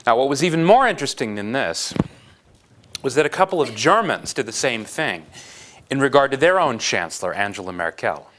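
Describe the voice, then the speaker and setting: A man lecturing to a university class, his pitch rising and falling in a lively, animated way. He poses wry questions to his students and reads a philosophical passage aloud with dramatic flair. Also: a little fast, slight background noise. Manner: lively, dramatic reading of quotes.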